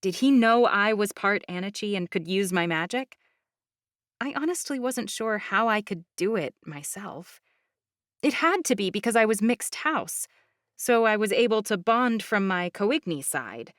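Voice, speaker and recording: A woman reading a fantasy novel aloud in the first person, with even, clear storytelling. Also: medium pitch, a little slow, no echo, studio quality. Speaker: audiobook narrator. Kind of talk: scripted first-person narration.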